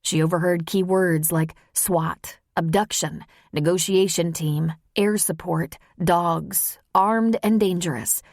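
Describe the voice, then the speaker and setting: A woman narrating an audiobook in a tense, measured storytelling voice. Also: lowish voice, fairly even intonation, darkish tone, dry recording, clean studio sound. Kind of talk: scripted narration.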